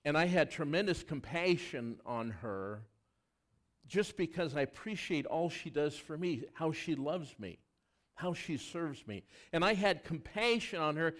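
Lively, earnest male pastor preaching. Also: on the high side, unhurried. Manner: earnest, animated storytelling with self-deprecating humor. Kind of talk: sermon.

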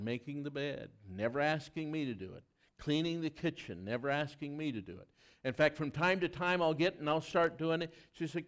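A man preaching a sermon as pastor, telling personal stories in an earnest, animated way with touches of self-deprecating humor. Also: a little high, normal speed.

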